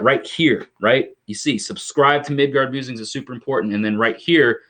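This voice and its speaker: A man's voice: on the low side, a bit bright. A man hosting a casual live stream from his home workshop. He chats with viewers, greets them by name and fills the gaps with lots of "um" and "uh". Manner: chatty, greets viewers by name, many fillers.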